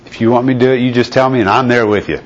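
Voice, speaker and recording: A man's voice: mid-range voice, fairly even intonation, very fast, muffled recording, natural voice. A man voicing an eager, bold male fisherman disciple in an earnest, pleading way while retelling a Bible story.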